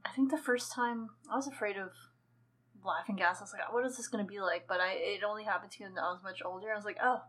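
A woman co-hosting a podcast, chatting in a relaxed, self-deprecating way. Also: medium pitch, fast talker. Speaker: podcast co-host. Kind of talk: casual chat.

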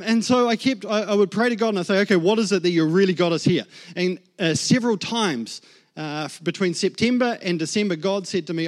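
A man in his thirties with a New Zealand accent, telling his own story in a sermon and acting out the voices in his head. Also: high voice. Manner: storytelling, acts out his inner voices and God's words. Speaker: guest preacher. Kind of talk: sermon testimony.

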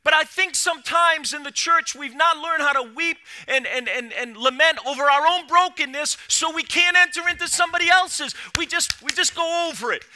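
A middle-aged man preaching a sermon as pastor, dropping to a hush and then rising to loud cries, with quick repeated restarts. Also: extremely high pitch. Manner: swings from hushed to loud preaching.

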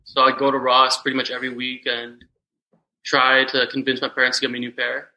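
Bright-voiced young man telling stories. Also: medium pitch, brisk, dull audio. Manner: relaxed, rambling storytelling with many fillers. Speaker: podcast guest. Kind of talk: casual chat.

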